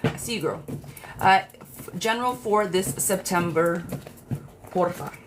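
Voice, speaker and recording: A woman's voice: mid-range voice, unhurried, background noise. A woman hosting a live tarot reading stream, talking casually and affectionately to viewers by name. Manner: chatty, affectionate, talks straight to viewers by name.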